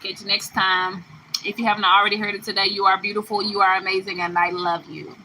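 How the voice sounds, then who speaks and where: Woman doing a tarot reading vlog, bright voice, repeats herself for emphasis, calls you baby. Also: mid-range voice, flat delivery, quick pace, a little hiss or hum, low-quality recording. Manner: emphatic, repetitive, laughing between phrases; addresses listener affectionately. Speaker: tarot card reader.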